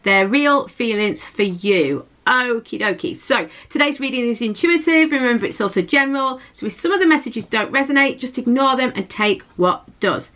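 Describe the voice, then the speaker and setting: A woman talks her viewers through a tarot pick-a-card reading in a chatty, reassuring way. Her voice is bright and crisp and sits a little high. She often repeats herself and restarts her sentences as the thoughts come. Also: lively intonation, normal speed, few pauses. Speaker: tarot reader. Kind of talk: intuitive tarot reading to camera.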